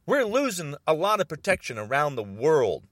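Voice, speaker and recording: A man's voice: a little high, very animated, moderate pace, a bit bright, no echo, clean studio sound. An older man in an angry, agitated political rant, repeating himself and stumbling over restarts.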